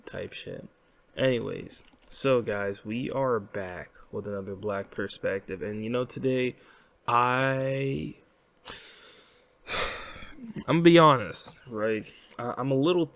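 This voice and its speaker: A man's voice: lowish voice, a little slow, a bit bright. A young American man hosting a casual commentary vlog, rambling and often checking in with "right?". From United States. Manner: rambling, frequent "right?", swearing. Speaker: host.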